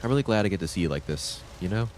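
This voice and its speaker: A man streaming a story game, casually reading the dialogue aloud and adding quick comments in his own voice. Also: sits low, slight background noise. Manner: lively, reads game lines in his own voice with quick asides.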